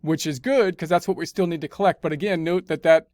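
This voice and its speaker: A man's voice: a little high, fairly even intonation, fast, darkish tone, no echo, studio quality. A man teaching accounting in a screencast, talking through each spreadsheet step and often repeating his phrases. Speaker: accounting instructor. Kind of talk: screencast tutorial narration.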